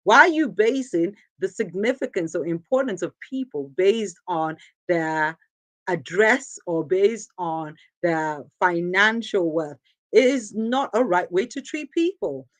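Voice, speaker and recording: A woman's voice: fairly low pitch, lively intonation, a little slow, dry recording. A woman from Nigeria hosting a show, giving an earnest, emphatic motivational talk and repeating phrases for stress. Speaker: host.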